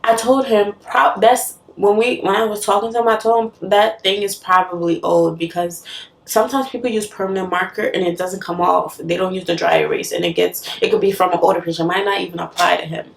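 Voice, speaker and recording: Gravelly-voiced young woman telling a story. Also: mid-range voice, brisk, roomy sound, recorded from a distance. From West Africa. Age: young adult. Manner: animated, laughs often, many fillers. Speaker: nurse. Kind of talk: casual storytime vlog.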